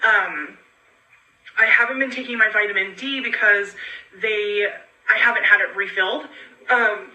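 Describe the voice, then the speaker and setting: A tired woman talking in a casual home vlog, rambling and halting with many ums. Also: medium pitch, sharp tone, roomy sound, recorded from a distance, rough recording. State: tired, low on energy. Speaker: vlogger in a clip being reacted to.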